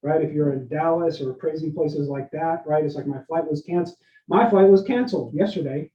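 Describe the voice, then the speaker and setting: Energetic man quizzing his audience. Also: fairly high pitch, brisk. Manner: energetic, asks the audience questions, says "right?" often. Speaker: leadership speaker. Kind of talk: interactive workshop talk. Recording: roomy, dull lo-fi sound.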